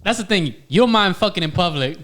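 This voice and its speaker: A man's voice: animated, fast, a bit bright, slight background noise. A young man co-hosting a podcast, telling a crude story in casual chat and muttering the lines he quotes. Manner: crude, joking, acts out quotes in a low mutter. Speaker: podcast co-host.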